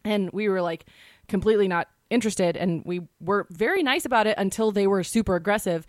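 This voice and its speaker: A woman co-hosting a podcast, telling a story in a quick, animated way and acting out the quotes. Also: medium pitch, no echo, clean studio sound. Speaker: podcast co-host. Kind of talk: casual storytelling chat.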